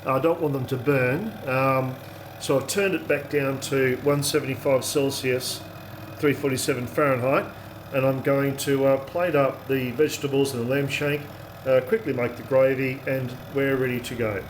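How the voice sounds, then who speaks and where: A man giving a calm, step-by-step cooking demonstration in his home kitchen, explaining as he goes with frequent pauses and fillers. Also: medium pitch, background noise. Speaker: home cook demonstrating a recipe.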